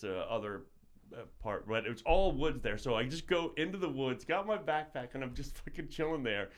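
A man telling a long, profane story in casual podcast chat, acting out his own reactions. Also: mid-range voice. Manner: profane, animated storytelling with voiced asides.

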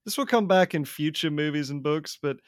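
A man's voice: fairly high pitch, a little fast, no echo, clean studio sound. A man co-hosting a podcast in casual chat, making mocking, profane jokes. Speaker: podcast co-host.

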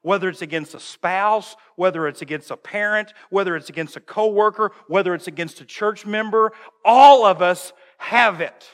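A male pastor preaching a humorous, animated sermon and acting out voices, recorded in a church. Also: high-pitched, moderate pace, few pauses, long reverb tail.

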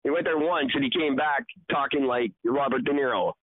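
A man's voice: a little fast, no room sound. A Canadian man co-hosting a podcast in casual chat, mocking and swearing, often putting on silly voices. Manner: mocking, puts on silly high voices for impressions. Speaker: podcast co-host. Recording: tinny phone-like sound.

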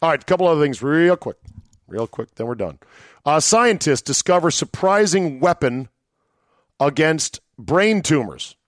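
A man's voice: animated, unhurried, dry recording, studio quality. A man hosting a solo podcast, casual and profane, with sarcastic, mock-dramatic asides. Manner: sardonic, mock-dramatic asides with sudden pitch jumps; profane and conversational. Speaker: podcast host.

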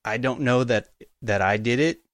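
A man speaking as a guest in a casual interview, telling work stories in a relaxed, easygoing way. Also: mid-range voice, moderate pace, dry recording, studio quality. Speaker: guest, utility locator.

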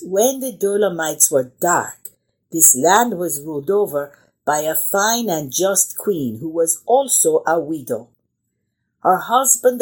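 A woman reads a children's picture book aloud in a gentle, expressive way. Her voice is low and husky, with a lot of rise and fall. She takes her time. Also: poor audio. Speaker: children's story reader.

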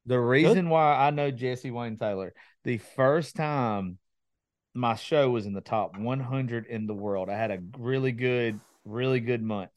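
A man's voice: medium pitch, measured pace, dry recording. Male podcast host, casual storyteller, dry close sound. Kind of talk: casual chat.

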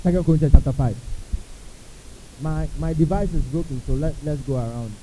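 A man's voice: fairly high pitch, fairly quick. A man preaching a sermon as pastor, acting out quotes and asking the congregation questions. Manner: animated preaching, acts out quotes, asks the crowd questions. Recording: tinny phone-like sound with faint hiss.

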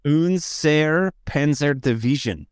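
A man's voice: a little high, lively intonation, slow pace, clear, resonant tone, no echo. Male podcast guest, crude joker, dry close sound, video call. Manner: joking, crude, laughs often. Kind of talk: casual banter on a video call.

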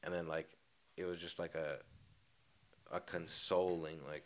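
Deep-voiced young man telling a story. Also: level tone, moderate pace, darkish tone. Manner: rambling, filler-heavy storytelling with laughs. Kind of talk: casual faith testimony.

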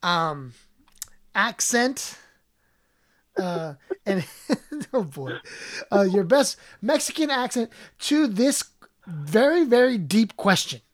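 Woman podcast host, slangy and playful, medium pitch. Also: big pitch swings, slow pace. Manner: joking, chatty, slangy. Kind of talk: casual chat.

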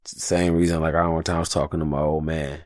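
Deep-voiced man ranting on his podcast. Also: level tone, quick pace, a little mellow, no echo, clean studio sound. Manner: passionate, profane rant with slang. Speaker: podcast host. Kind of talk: solo podcast monologue.

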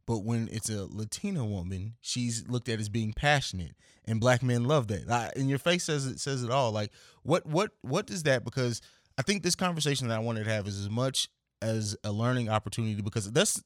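A man's voice: mid-range voice, expressive, fairly quick, no echo, studio quality. A man hosting a podcast, asking loose, searching questions in a casual interview. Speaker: podcast host.

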